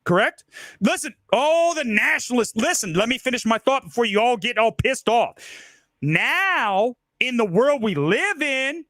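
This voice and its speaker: Heated, ranting man with a lively pitch. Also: unhurried, no echo, studio quality. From Ohio. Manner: heated, emphatic, repeats rhetorical questions. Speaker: film commentary host. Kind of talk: ranting monologue.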